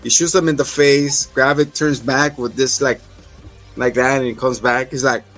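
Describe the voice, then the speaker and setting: A man hosting a casual podcast recap, laughing often and acting out scenes in quick voices. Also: medium pitch, little pitch movement, fairly bright tone, soft background music. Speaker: podcast host.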